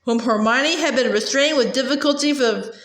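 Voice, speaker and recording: A woman's voice: high voice, a little fast, fairly bright tone. Woman reading a novel aloud, slightly hesitant. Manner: reads with frequent hesitations and restarts. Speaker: reader. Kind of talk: casual audiobook reading. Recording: roomy echo.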